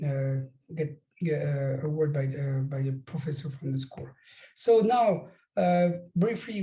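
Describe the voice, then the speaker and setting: A man's voice: on the high side, mellow, reverberant, poor audio. Man with a strong French accent. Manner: halting, many pauses and restarts. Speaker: business school recruitment director. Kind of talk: presenting an online info session.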